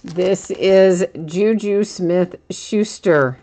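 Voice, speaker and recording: A woman with a low, unhurried voice hosts a live card break. She chats casually with viewers and laughs easily as she reads out each pull. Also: warm tone. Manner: chatty, laughs often, reads out cards. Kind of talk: casual live-stream commentary.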